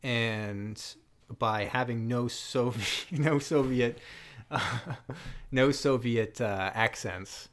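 A man co-hosting a casual movie podcast, rambling and animated, laughing often as he talks. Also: medium pitch, slow pace. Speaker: podcast co-host. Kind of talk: casual chat about bad movies.

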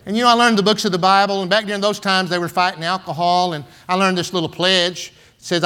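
A man's voice: high voice, little pitch movement, fast, few pauses, bright, forceful tone, clean tone. A man, preaching in a folksy, storytelling way full of "and, uh" and "man". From San Antonio, Texas. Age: 60s. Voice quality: folksy, filler-heavy with "and, uh" and "man". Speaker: pastor. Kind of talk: storytelling sermon.

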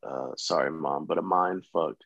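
A young American man, an actor, chatting as a guest in a relaxed, rambling way with many fillers. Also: extremely low pitch, normal speed, breathy edge, dry recording, highs cut off. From United States. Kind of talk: casual interview chat.

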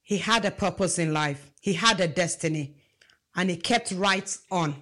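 A woman's voice: fairly low pitch, moderate pace, fairly bright tone. A woman preaching a sermon, emphatic and asking the congregation rhetorical questions.

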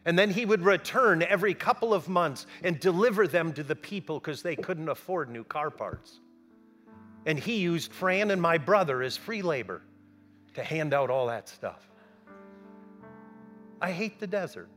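A man telling a personal story to an audience, animated and acting out the people he quotes. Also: on the high side, moderate pace, soft background music. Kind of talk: storytelling talk.

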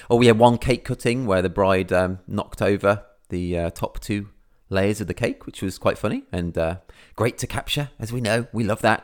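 A man hosting a podcast from England, a wedding photographer ad-libbing in a casual, rambling way with lots of fillers. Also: lowish voice. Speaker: podcast host.

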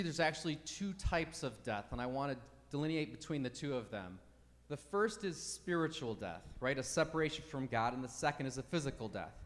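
Man preaching a sermon in a reverberant hall. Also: medium pitch. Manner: emphatic teaching, rhetorical "right?" asides. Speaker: pastor.

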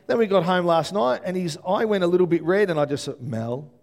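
An Australian man preaching a sermon as pastor, telling stories with lively energy and often checking in with the congregation. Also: high-pitched, fast, gravelly. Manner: animated storytelling with frequent "yeah?" check-ins to the congregation.

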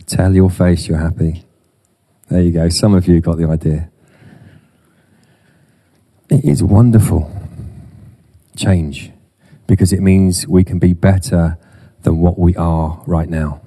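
Warm-toned man preaching a lively sermon. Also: low-pitched, slow, long pauses. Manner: humorous, self-deprecating asides. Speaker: pastor. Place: church.

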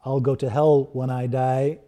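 Man reading as an old widower owning up to his regrets, mellow and rueful. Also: mid-range voice, little pitch movement, a little slow, natural voice. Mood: rueful confession. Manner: confessional, rueful. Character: aging grieving widower confessing his regrets.

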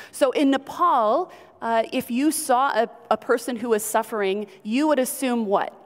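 A woman giving a conversational Bible teaching to a group, often asking her listeners questions and filling pauses with ums. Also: mid-range voice. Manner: chatty, asks the audience questions, frequent ums. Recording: long reverb of a large hall.

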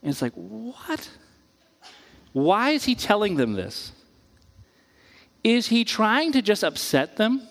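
Male pastor, high voice, chatty animated preaching, long hall reverb. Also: takes it slowly, gravelly, pauses often. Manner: casual and animated, acts out quoted voices, many "like"s. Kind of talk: conversational sermon.

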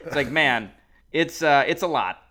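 A man's voice: fairly high pitch, expressive, unhurried, pushed and bright. A man co-hosting a podcast, telling a long story in casual chat, rambling with lots of asides. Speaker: podcast co-host.

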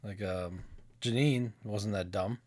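A woman with a Boston accent co-hosting a podcast in relaxed, casual chat, chuckling as she talks. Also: extremely low pitch, slow pace. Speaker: podcast co-host.

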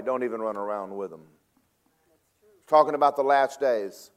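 A man preaching a sermon in a folksy, emphatic way, swinging between loud and soft and fast and slow for effect. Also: medium pitch. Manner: folksy, emphatic, varies loudness and pace for effect.

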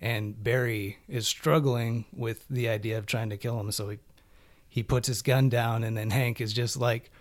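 A man's voice: mid-range voice, fairly even intonation, normal speed. A man chatting casually about TV shows he has been watching, loose and rambling with lots of fillers.

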